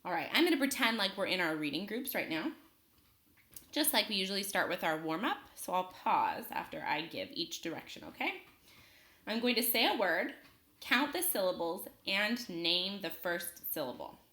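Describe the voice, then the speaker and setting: A woman teaching a phonics lesson to young children, speaking slowly and clearly and pausing for them to answer. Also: medium pitch, big pitch swings, bright, forceful tone, reverberant. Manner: slow, clear, patient teacher talk with pauses for students.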